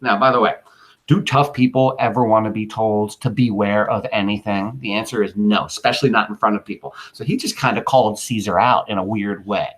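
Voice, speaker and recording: A man's voice: fairly low pitch, a little fast. A male teacher explaining a classic play in a casual, slangy way. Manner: informal and chatty, using slang asides.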